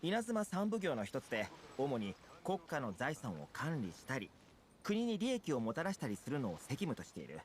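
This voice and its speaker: A man voicing an informative adult game character in dubbed game dialogue, speaking in rapid, lively bursts. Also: medium pitch. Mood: explaining.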